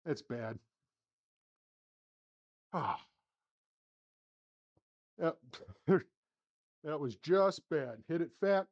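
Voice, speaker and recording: Speaking extremely slowly with frequent pauses, a man with a slightly high, slightly mellow, expressive voice describes his sim golf round shot by shot, and the audio is dull. He hosts the channel from a home simulator studio, muttering as he goes and alternating between flustered and upbeat in casual commentary.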